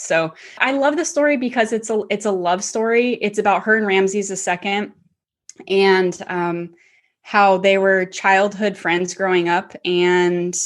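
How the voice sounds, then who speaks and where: Woman writer gushing about a book, low-ish voice, lots of ums and restarts. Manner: enthusiastic, rambling with many fillers and restarts. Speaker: author and podcast guest; hosts her own book podcast. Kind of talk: casual conversational interview.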